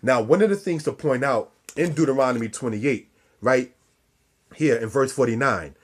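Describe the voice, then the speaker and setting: A man's voice: mid-range voice, moderate pace, slightly rough. A man giving a scripture lesson, preaching style, repeating and stressing key words and calling his listeners brothers and sisters. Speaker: religious teacher.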